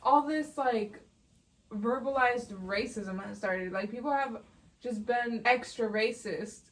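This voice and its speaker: Woman friend, casual chat, supportive sidekick, slightly high voice. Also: takes it slowly, poor audio. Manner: supportive, chiming in.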